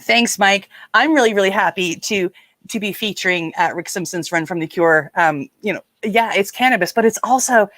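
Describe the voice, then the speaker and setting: A woman's voice: medium pitch, normal speed, a bit bright. A woman hosts a live stream in a loose, rambling way and greets her viewers one by one. Her voice sits in a middle range. The sound is close and dry, with no room echo. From Nova Scotia, Canada. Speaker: livestream host. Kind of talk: casual live-stream chat.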